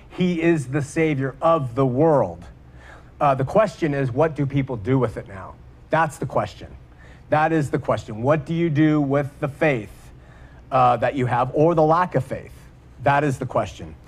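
A man preaching a sermon, emphatic, repeating words for stress and slowing down on key points. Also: medium pitch.

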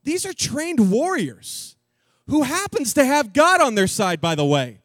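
A male preacher telling a story in an animated, jokey, slangy sermon style. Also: extremely high pitch, unhurried, no echo, studio quality.

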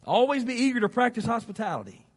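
A male pastor with a Southern accent delivers a folksy, exhorting sermon. His voice sits very high for a man. The sound carries a long reverb from the church sanctuary. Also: big pitch swings, fast talker, slightly rough. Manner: folksy and exhorting, rising to emphatic peaks.

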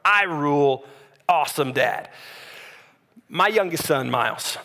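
A man, preaching a sermon as a pastor and telling a story in a conversational, animated way. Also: a little high, a little slow, vocal fry.

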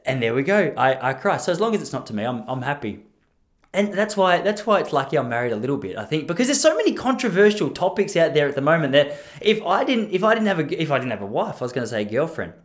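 A man in his thirties rambles casually to his listeners, with a slightly high, very lively voice that swings up and down. He mocks himself and laughs at his own jokes. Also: fast talker. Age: 30s. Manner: chatty, self-mocking, laughs at own jokes. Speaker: podcast host.

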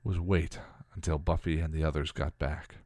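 A man reading a piece of fan fiction aloud in a steady storytelling manner. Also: rumbling low, normal speed, no room sound, studio quality. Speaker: story reader.

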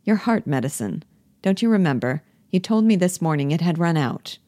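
A woman's voice: lowish voice, animated, moderate pace, mellow, dry recording, studio quality, close to an everyday voice. A woman reading the part of a bitter, jealous young wife who pleads with her lover and mocks her husband. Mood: sarcastic. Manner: reproachful, cutting, pleading. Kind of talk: play reading.

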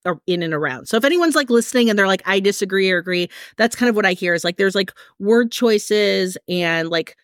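A woman's voice: mid-range voice, lively intonation, brisk, hardly any pauses, no room sound, clean studio sound. A woman co-hosting a podcast, chatting casually with lots of fillers and careful hedging. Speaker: podcast co-host. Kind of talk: casual chat.

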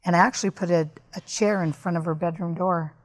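A woman's voice: on the low side, steady tone, brisk. A woman guest on a podcast, candidly and earnestly recounting a personal story.

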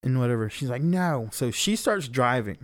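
A man's voice: mid-range voice, big pitch swings, brisk, fairly bright tone, no echo. Young guy rambling thru a story on a podcast, lots of cussing and ums, mid voice, dry close sound. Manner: rambling, heavy swearing, many fillers.

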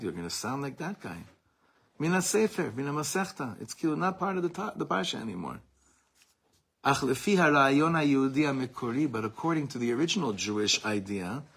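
Husky-voiced man teaching a passionate class. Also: medium pitch, a bit bright. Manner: reads Hebrew source, then explains it in English; impassioned, repeats words for emphasis. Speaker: Torah teacher. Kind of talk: religious class lecture.

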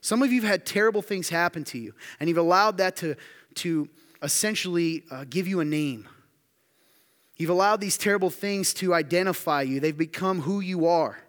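Guy preaching, kinda high voice, big questions then quiet bits, long hall echo. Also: moderate pace. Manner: animated preaching, rising emphatic questions, drops to quiet asides. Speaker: pastor. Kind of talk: sermon. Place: church hall with audience.

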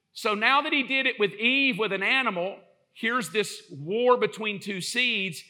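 High, bright-voiced animated preacher. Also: male voice, a little slow. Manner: animated, joking storyteller who acts out quotes. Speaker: pastor. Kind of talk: sermon.

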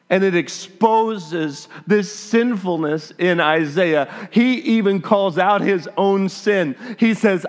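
A man's voice: high voice, takes it slowly. A middle-aged man preaching a sermon, reading scripture and acting out reactions with emphatic exclamations.

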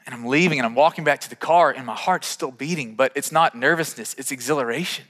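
A man preaching a sermon, telling a personal story with acted dialogue in an animated, self-deprecating way. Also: medium pitch, quick pace. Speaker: pastor. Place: church sanctuary. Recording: reverberant church hall.

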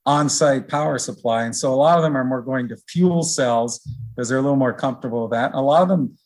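A middle-aged man as an interview guest, explaining in a relaxed, rambling way with many fillers. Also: mid-range voice, quick pace. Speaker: research director guest. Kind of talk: conversational interview.

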